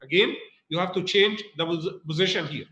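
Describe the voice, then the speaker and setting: High-voiced man teaching grammar, echoey room. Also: fairly quick, sharp tone, muffled recording. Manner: repeats points, asks students rhetorical questions. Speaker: English teacher. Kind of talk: recorded grammar lesson.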